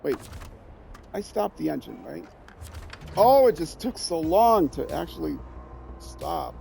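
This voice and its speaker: A man's voice: a little high, very animated, takes it slowly, creaky, mellow. A man streaming a driving game, talking himself through each step with joking asides, with a Minnesota accent. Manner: talks to himself while playing, joking asides. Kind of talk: casual gameplay commentary.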